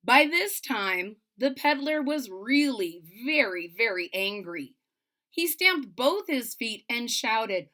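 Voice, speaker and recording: Bright, expressive woman reading to kids. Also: on the high side, slow pace. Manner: expressive and playful, talks to young listeners. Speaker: storybook reader. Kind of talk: children's read-aloud with chatty asides.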